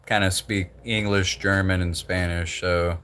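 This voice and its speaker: Young man, very low voice, slight Southern drawl, loose profane livestream chatter. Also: steady tone, unhurried, fairly bright tone, a little hiss or hum. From Southern United States. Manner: rambling, profane, laid-back. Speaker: livestream host. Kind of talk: casual livestream chat.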